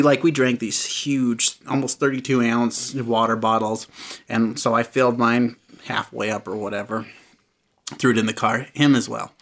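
A young man telling a comic anecdote in casual chat. He laughs often and jumps high in pitch when he acts out voices.

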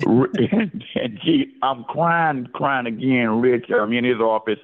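A man's voice: mid-range voice, measured pace. An older man, a former football player, telling his story as an interview guest in an emotional way, repeating his words and exclaiming often. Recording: phone-line call audio.

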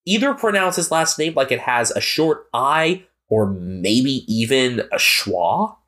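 A man's voice: mid-range voice, sing-song, slow pace, a bit bright. An American man co-hosting a podcast, chatting casually and analytically about football. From United States. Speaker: podcast co-host. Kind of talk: casual sports chat.

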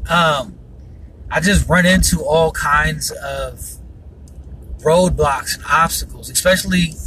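Heard through a distant, noisy mic, a man with a voice on the high side hosts a personal faith podcast. He talks earnestly but wanders, using many fillers and yawning again and again.

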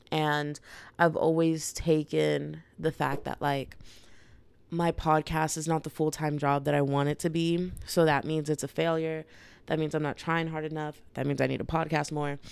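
A woman's voice: low-pitched, vocal fry, smooth, no room sound. A woman in her twenties hosting a solo podcast, talking candidly and rambling in casual slang, her throat dry and irritated. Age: 20s. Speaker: podcast host.

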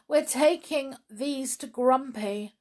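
A woman's voice: high voice, slow, darkish tone, pitched above the performer's own voice. A woman voicing a small, anxious young brownie who pleads in a fretful way. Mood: sad.

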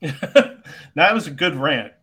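A man's voice: fairly high pitch, lively intonation, slow, fairly bright tone, husky. Laid-back middle-aged man reflecting. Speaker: podcast co-host. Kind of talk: casual sports talk.

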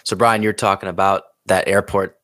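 A man with a fairly low voice tells a story in a casual, animated way. He acts out his own remarks and other people's replies as he goes. The sound is dry and close. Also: normal speed, dry recording. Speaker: podcast guest, pilot and video creator.

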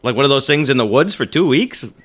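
A man's voice: medium pitch, expressive, fairly quick, fairly bright tone. A man co-hosting a casual chat, answering with short sympathetic or joking reactions.

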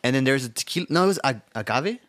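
A man's voice: medium pitch, racing. A young man co-hosting a podcast, telling a rowdy story in casual chat, laughing often and acting out the lines he quotes. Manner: laughing, animated storyteller who acts out quotes. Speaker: podcast co-host.

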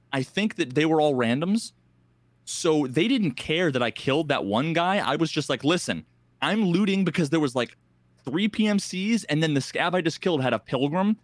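A man co-hosting a podcast, telling a gaming story in casual, animated talk, acting out other players in quick voices and swearing freely. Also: fairly high pitch, no room sound. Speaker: podcast co-host.

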